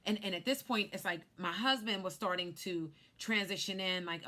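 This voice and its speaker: A woman in her thirties, a life insurance agent, telling a personal story in an animated way on a vlog. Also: medium pitch, moderate pace. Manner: animated storyteller who acts out quotes.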